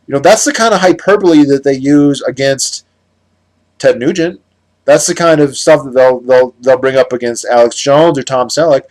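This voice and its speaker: An American man in the middle of a heated vlog rant, by turns sarcastic and exasperated. He rambles and stops to correct himself often, in a voice of middle pitch. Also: normal speed, darkish tone. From United States. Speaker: political commentator. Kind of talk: ranting monologue vlog.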